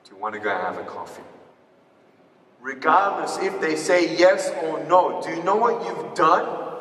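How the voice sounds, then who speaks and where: Motivational speaker, male, high bright voice, lively crowd-quizzing delivery, distant echoey hall recording. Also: measured pace. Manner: animated, addresses the audience with call-and-response questions. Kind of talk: live motivational speech. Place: large hall with an audience.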